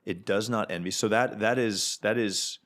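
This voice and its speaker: A man's voice: lowish voice, fairly even intonation, moderate pace, fairly bright tone. A man who is a pastor, talking reflectively in a casual faith podcast and often murmuring agreement. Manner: reflective, frequent affirming murmurs.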